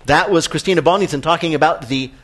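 A man hosting a radio quiz show in an upbeat, brisk, emphatic way. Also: fairly high pitch, fairly bright tone, a little hiss or hum.

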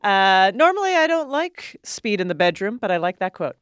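A woman's voice: mid-range voice, sing-song, moderate pace, a bit bright, slight background noise. A woman co-hosting a talk show, reading quiz questions aloud in a playful, joking way. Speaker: co-host.

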